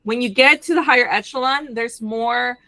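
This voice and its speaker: A woman brand representative explaining a product in a lively conversational way, often checking in with the listener. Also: fairly high pitch, moderate pace, no room sound. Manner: animated, addresses listeners directly with frequent "okay?".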